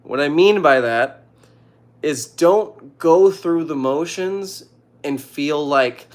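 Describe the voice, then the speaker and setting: A young man casually reading out viewer questions and giving joking, deadpan advice. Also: fairly high pitch, takes it slowly. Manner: reads questions aloud, jokey deadpan answers. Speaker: streamer answering viewer questions.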